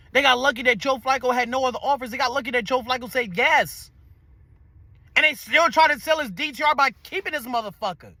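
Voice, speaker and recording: Male sports host, high and piercing, dry close sound; profane, fired-up rant full of repeats. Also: sharp tone, dry recording. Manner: heated, profane, repeats himself. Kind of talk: ranting sports commentary.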